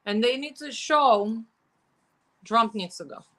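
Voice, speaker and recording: A woman co-hosting a comedic talk show as Svetlana, a brash Eastern European woman, in a put-on Russian accent with deadpan, broken English. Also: a little high, takes it slowly. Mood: mock emotional. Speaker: co-host.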